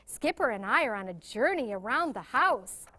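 Brief: woman reading a small brave boy, eager and earnest, lively high storybook voice. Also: normal speed, full character voice. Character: brave little boy on a backyard adventure.

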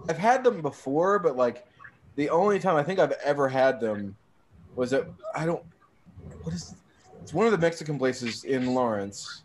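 Hesitant man with absurd deadpan humor. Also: on the high side, moderate pace, slight background noise. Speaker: comedy panelist. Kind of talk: improvised comedy chat.

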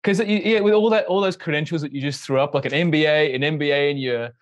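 A man's voice: fairly high pitch, fast talker, dull audio. A man hosting a casual podcast, laid-back and blunt, with crude jokes.

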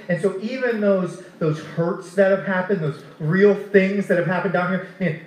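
A male pastor with a fairly high voice, preaching in a loose, conversational way and tossing in "man" as he goes. The room around him rings with a noticeable echo. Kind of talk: sermon. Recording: roomy echo.

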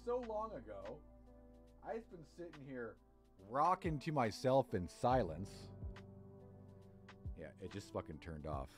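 A man livestreaming on a headset, thinking aloud as he works and swearing freely. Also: medium pitch. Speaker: streamer. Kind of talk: casual livestream chat while working.

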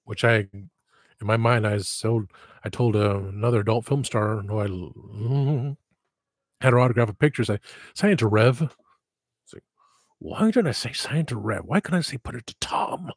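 Husky man rambling on a livestream. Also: fairly low pitch, normal speed, long pauses, no echo, studio quality. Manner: rambling, digressive, self-deprecating. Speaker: livestream host. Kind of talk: casual livestream chat.

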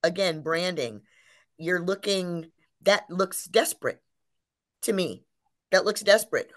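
A woman co-hosting a business webinar, explaining branding in a casual, animated way and asking rhetorical questions. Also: on the low side, measured pace. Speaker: webinar co-host.

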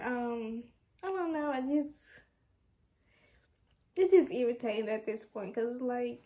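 Young woman, high voice, casual vlog, frustrated, rambling venting. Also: a little slow, long pauses, dark tone. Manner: frustrated, candid, rambling with restarts. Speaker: vlogger.

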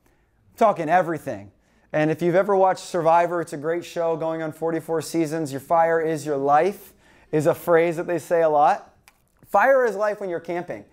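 A young man preaching, telling a funny story about himself in a lively way and acting out his own panic. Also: on the high side, normal speed. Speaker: pastor. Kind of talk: storytelling sermon.

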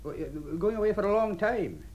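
Brief: a flustered, stammering workman with animated pitch in a radio play. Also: moderate pace, muffled recording. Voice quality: stammering, hesitant. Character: awkward flustered male workman. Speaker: the Plumber. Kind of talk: radio drama acting.

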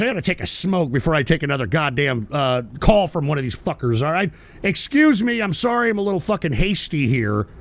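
A man's voice: high voice, a bit bright. A man hosting a comedic call-in radio bit in character, brash and crude, throwing boastful insults at callers.

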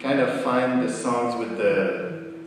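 A man with a Québécois French accent, a folk musician out of breath, chatting playfully and haltingly from the stage between songs. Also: mid-range voice, background noise. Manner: halting and playful, laughs often. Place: outdoor festival stage. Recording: echoey hall-like PA sound from far off.

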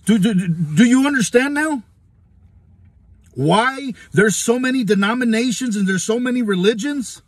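In an extremely high, expressive voice, a man delivers an impassioned devotional into his phone camera at an unhurried pace, and the recording is dry. He keeps repeating lines, tossing out rhetorical questions and chuckling as he preaches.

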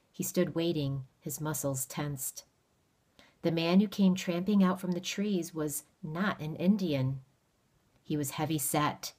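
A woman reading a children's novel aloud, with steady, measured storytelling. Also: low-pitched. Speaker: reader.

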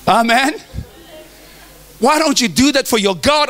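A man's voice: very high voice, animated, a little slow, gravelly, bright, forceful tone, raised voice. A middle-aged man preaching a sermon to the men, emphatic and joking. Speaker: pastor.

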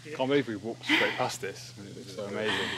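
A man's voice: fairly low pitch, brisk, crowd noise. A man co-hosting a casual travel vlog on a forest hiking trail, chatty and upbeat, tripping over place names. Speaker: travel vlogger co-host. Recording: noisy outdoor recording.

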